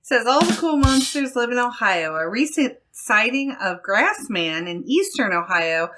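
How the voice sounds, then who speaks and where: A woman's voice: a little high, big pitch swings, measured pace, noisy background. A woman co-hosting a casual podcast, reading a news article aloud and laughing often. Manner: giggly, reads articles aloud. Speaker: podcast co-host.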